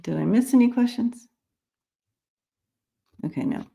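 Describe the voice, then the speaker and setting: A woman's voice: a little high, expressive, unhurried, vocal fry, warm tone. A woman hosting a live stream, greeting viewers by name and talking casually with many fillers and restarts. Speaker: host of a live-stream psychic reading show.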